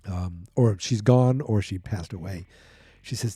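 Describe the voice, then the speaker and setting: A man casually recaps a comic book on his podcast, rambling and chatty. His voice is very dark and mellow with a husky edge. The recording is dry and close. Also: on the low side, normal speed, no room sound. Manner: rambling, chatty, acts out scenes. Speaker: podcast host.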